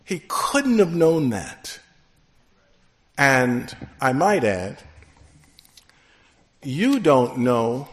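Male preacher, sermon, high voice, slow deliberate delivery, emphatic, church. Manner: slow, emphatic preaching with rising calls to the congregation.

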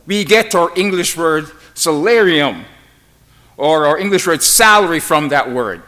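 A man preaching a sermon to a congregation, slow and emphatic, with dramatic pauses between phrases. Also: a little high, lively intonation, pushed and bright.

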